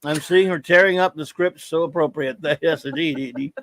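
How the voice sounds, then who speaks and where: A man's voice: fairly high pitch, normal speed, fairly bright tone. A man hosting a casual live-stream review, rambling and joking as he reads viewer chat aloud. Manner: rambling, joking, stumbles over words. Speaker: show host reading viewer chat.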